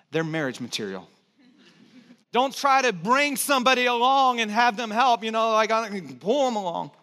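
A middle-aged man preaching a sermon, telling a personal story with lively acted-out exclamations and dropping low for solemn points. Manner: animated storytelling, acts out his own panic with sudden loud exclamations. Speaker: pastor.

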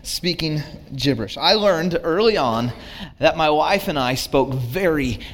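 A man's voice: a little high, unhurried, a little hiss or hum. A middle-aged man preaching a sermon, telling stories and acting out both sides of an argument. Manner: animated storytelling, acts out both sides of arguments. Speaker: pastor.

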